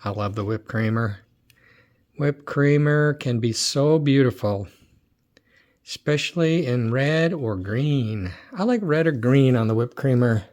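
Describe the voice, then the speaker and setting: A middle-aged man chats his way through a box of old toy cars, muttering and repeating himself as he goes. His voice sits in an ordinary middle pitch. He sounds like he is thinking aloud. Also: expressive, a little slow, darkish tone. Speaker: toy car collector and dealer. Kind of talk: casual unboxing commentary.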